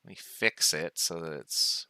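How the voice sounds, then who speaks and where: A man teaching a chemistry class online, explaining in a relaxed, informal way with side remarks. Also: extremely low pitch, unhurried, clean tone, no echo, low-quality recording. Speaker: chemistry professor. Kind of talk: casual online lecture.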